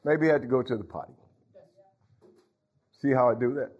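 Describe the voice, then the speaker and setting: A man's voice: medium pitch, normal speed, husky, highs cut off. A man preaching a folksy sermon as pastor, talking straight to his congregation and dropping in hallelujahs. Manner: folksy, talks to congregation, frequent hallelujahs and laughs.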